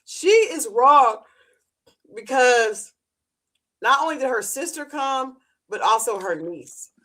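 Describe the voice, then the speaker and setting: A woman co-hosting a podcast, reacting and offering measured opinions in casual chat. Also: high-pitched, animated, pushed and bright. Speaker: podcast co-host.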